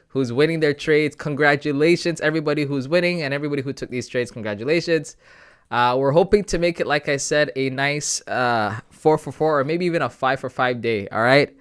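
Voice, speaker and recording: Young guy on a trading livestream, chill, thinking out loud, keeps saying bro to chat. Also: fairly high pitch, brisk, smooth. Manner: thinking aloud, talks to chat with "guys" and "bro". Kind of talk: casual live commentary.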